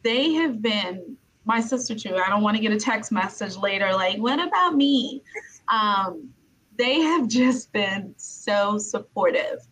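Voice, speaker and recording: A woman's voice: medium pitch, a little slow, a bit bright, rough recording. A woman from Brooklyn, New York, hosting a casual interview, talking in a chatty way with lots of "you know" and repeated words.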